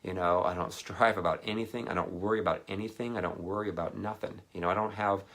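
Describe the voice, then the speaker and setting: A man with a low, gravelly voice tells a rambling personal story in a relaxed sermon. He drifts into animated quoted voices as he talks. His speech is loose and anecdotal, full of fillers and asides. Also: quick pace. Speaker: ministry speaker.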